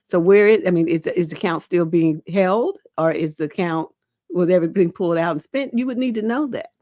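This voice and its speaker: A middle-aged woman with a fairly low voice reads out viewer letters and answers them with blunt, casual advice, full of "you know". She has a lingering cough. The sound is dry and close, with no room echo. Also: brisk, warm tone. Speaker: relationship coach. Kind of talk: livestream advice show, reading and answering questions.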